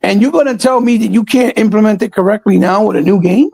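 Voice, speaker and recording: Man, high voice, profane ranting, dry close sound, casual gaming talk. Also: quick pace, gravelly, darkish tone, slightly rough, no room sound, poor audio. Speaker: podcast co-host.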